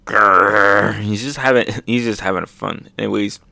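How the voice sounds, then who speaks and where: A young man excitedly reacting to a comic chapter, laughing often and making sound effects. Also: fairly low pitch, fairly quick, vocal fry, dry recording.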